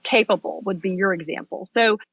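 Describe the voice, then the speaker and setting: A middle-aged woman coaching on a podcast, giving animated advice and acting out little quotes. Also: medium pitch, a little fast, dry recording, low-quality recording. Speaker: guest life coach. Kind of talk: podcast conversation.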